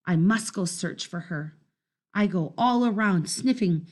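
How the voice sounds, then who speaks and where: A woman reading a children's storybook aloud in the first person, telling it in an expressive, dramatic way. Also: on the low side, unhurried. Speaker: storybook narrator.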